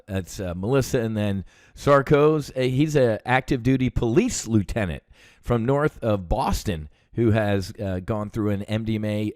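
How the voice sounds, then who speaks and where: With a lowish, slightly mellow voice, this American veteran and podcast host tells a story as a heated, casual monologue. He swears plenty and fills it with filler words. The studio-quality recording is dry.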